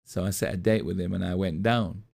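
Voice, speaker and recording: Male pastor, middle-aged, low and gravelly, mellow tone, storytelling sermon delivery. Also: fairly even intonation, brisk. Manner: storytelling, repeats phrases, acts out quoted voices. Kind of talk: motivational sermon talk.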